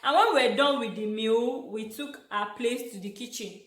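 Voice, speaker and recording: Young woman, Nigerian accent, animated storyteller, fairly high voice, roomy echo. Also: normal speed. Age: young adult. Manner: animated, exclaiming, laughs often. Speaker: vlogger, international student. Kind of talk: storytelling vlog. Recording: echoey room.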